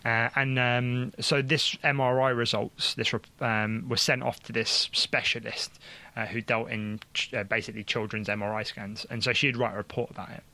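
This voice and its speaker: A man's voice: mid-range voice, flat delivery, moderate pace, pushed and bright. A man telling a casual, rambling story about his baby son, with many fillers and restarts. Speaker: father sharing a testimony. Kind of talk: casual conversational testimony.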